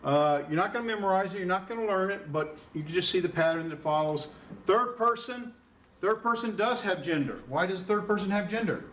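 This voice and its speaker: A man's voice: sits high, expressive, a little fast, fairly bright tone, distant mic, slight background noise. Man lecturing a class from across the room. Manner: conversational, quizzes students, chuckles at own puns. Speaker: Greek instructor.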